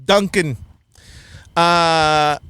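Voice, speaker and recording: A man's voice: a little high, steady tone, extremely slow, bright, forceful tone, clear, resonant tone, no room sound. A man hosting a casual film review chat, blunt and opinionated, often laughing at his own points. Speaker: podcast host reviewing a film.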